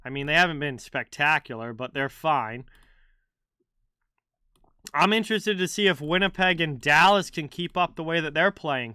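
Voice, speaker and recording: A man hosts a live hockey chat stream, talking casually and answering his viewers by name. His voice is bright and crisp, a touch higher than most men's. It is recorded close on a dry mic with no room sound. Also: no room sound. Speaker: livestream hockey host.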